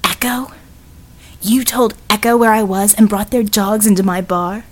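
A woman doing a sharp-tongued retired cat burglar. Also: mid-range voice, steady tone, moderate pace, natural voice. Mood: menacing. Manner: biting, hostile.

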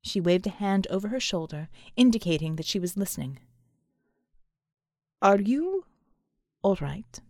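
A woman narrates an action novel in a steady, even audiobook delivery. Her mid-pitched voice is recorded close and dry. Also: no room sound. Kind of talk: scripted narration.

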